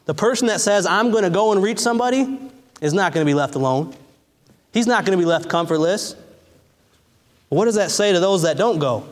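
A man's voice: fairly high pitch, animated, a little fast, pauses often. Fervent man preaching in a reverberant hall. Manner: fervent, repeats phrases, casual asides. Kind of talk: sermon. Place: church in a large hall. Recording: long church hall reverb.

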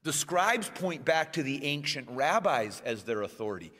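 A man's voice: on the high side, very animated, pushed and bright. Man preaching in a reverberant church. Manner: emphatic preaching with slow, stressed phrases and rising bursts. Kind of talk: sermon. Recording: long reverb of a church hall.

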